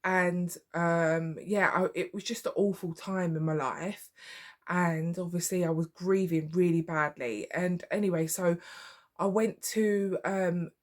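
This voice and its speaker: A woman's voice: on the low side, fairly even intonation, unhurried. A woman doing her makeup while she tells a personal story to camera, rambling with many fillers and restarts. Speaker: vlogger.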